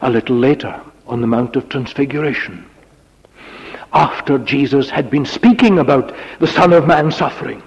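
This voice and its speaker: A man's voice: medium pitch, moderate pace, vocal fry, breathy edge. A man preaching a sermon dramatically, dropping to a whisper on key words. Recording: lo-fi recording in a reverberant hall.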